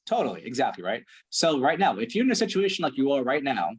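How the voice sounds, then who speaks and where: Blunt, husky-voiced male coach. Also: medium pitch, sing-song, fast talker. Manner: direct, profane, leans on "right?" checks. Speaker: performance coach. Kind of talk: blunt one-on-one coaching session.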